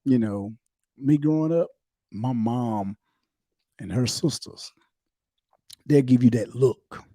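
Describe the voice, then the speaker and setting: A man's voice: medium pitch, takes it slowly, mellow, breathy edge, dry recording, studio quality. A man, a comedian guest, telling childhood stories in a laid-back drawl on a casual podcast. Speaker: comedian guest, former officer. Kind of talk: casual storytelling chat.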